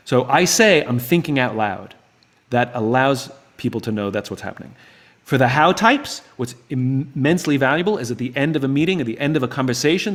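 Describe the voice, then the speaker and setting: A man hosting an online book club, answering viewers' questions live and thinking out loud with frequent restarts and acted-out bits of dialogue. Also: mid-range voice. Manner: acts out both sides of dialogues in raised voices.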